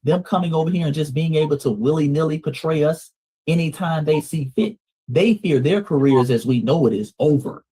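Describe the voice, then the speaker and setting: A man's voice: on the high side, a little fast, mellow, slightly rough. A man from Atlanta, hosting a commentary podcast in an emphatic, preachy way. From Atlanta, Georgia, US. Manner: preachy, emphatic, calls listeners family. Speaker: host.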